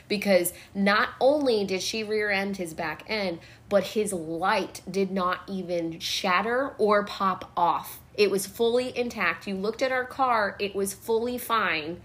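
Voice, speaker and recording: A woman hosting a podcast, telling a story in casual chat, animated and swearing freely. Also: mid-range voice, measured pace, few pauses. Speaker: podcast host.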